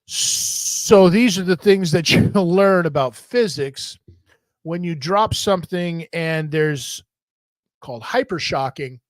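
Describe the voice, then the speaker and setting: A man's voice: a little high, no room sound. A man hosting a talk show, telling a story in a casual, profane and jokey way. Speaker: host.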